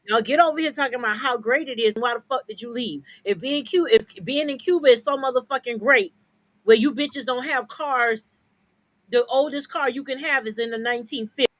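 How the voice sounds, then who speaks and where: A woman's voice: sits high, brisk, low-quality recording. A woman co-hosting a podcast, ranting in a blunt, profane, confrontational way. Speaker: podcast co-host. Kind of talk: heated podcast rant.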